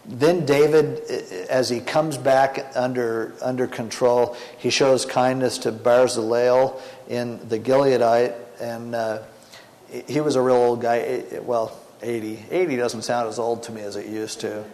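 A middle-aged man preaching in a relaxed, colloquial way, retelling scripture as if it were gossip among friends. His voice sits at an ordinary pitch for a man. A long hall reverb trails behind every phrase. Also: unhurried. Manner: colloquial and chatty, slangy paraphrase. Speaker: pastor. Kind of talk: casual sermon retelling a Bible story.

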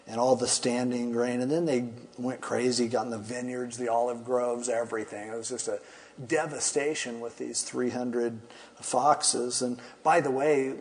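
A pastor teaching a Bible passage in an easygoing, conversational way, retelling the story with humorous asides. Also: male voice, medium pitch, flat delivery, normal speed.

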